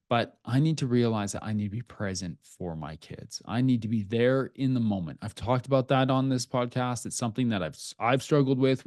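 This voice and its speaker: Man, middle-aged, podcast host, earnest and confessional, warm mellow tone, dry close-miked sound. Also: mid-range voice, no echo. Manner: earnest, confessional, speaks softly at emotional moments. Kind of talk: reflective personal podcast monologue.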